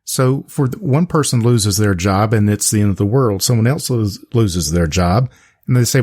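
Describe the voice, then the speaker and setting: A man hosting an interview, speaking in a measured, encouraging way. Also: lowish voice, lively intonation, a little mellow. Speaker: podcast host.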